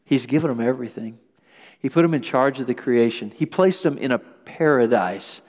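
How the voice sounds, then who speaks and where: Pastor, male, mid-pitched voice, expressive sermon delivery, reverberant sanctuary sound. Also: normal speed. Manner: animated preaching, acts out quoted voices. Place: church sanctuary.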